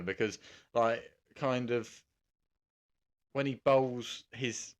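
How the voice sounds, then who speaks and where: A man's voice: medium pitch, a little slow. A man co-hosting a podcast, chatting casually about cricket, hesitant, with frequent ums and restarts. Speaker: podcast co-host.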